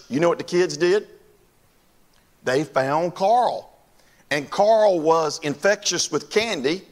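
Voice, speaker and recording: A man's voice: on the high side, a bit bright. An older man from North Carolina, preaching a sermon in a folksy storytelling way and talking straight to his congregation. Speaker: pastor.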